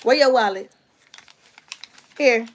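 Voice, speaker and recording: A high-pitched woman chats loosely into her phone during a livestream. She laughs often and keeps turning aside to talk to her kids. Her talk is loose and playful, full of fillers. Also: slow. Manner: laughs often, chatty, talks to her kids between remarks. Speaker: vlogger and mother. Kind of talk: casual chat to a livestream.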